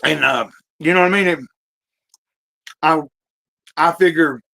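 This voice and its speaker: A man with a slightly high voice hosts a laid-back livestream from home. He rambles, restarts his thoughts and fills pauses with "uh" and "like", talking into a computer mic. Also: pushed and bright, poor audio. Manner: rambling, halting, many fillers and restarts; talks while eating, occasional coughs. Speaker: livestream host. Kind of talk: casual livestream chat.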